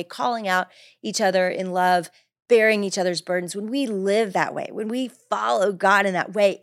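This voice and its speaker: A woman teaching through a Bible passage in an animated, lively way. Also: no echo, studio quality. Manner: lively, animated, acts out Paul's voice with big pitch jumps.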